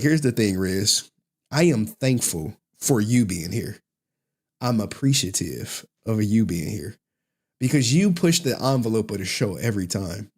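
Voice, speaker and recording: A male streamer riffs in loose, slangy commentary, breaking into laughs often. His pitch leaps widely between lines. It feels like an unscripted late-night chat. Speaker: livestream host.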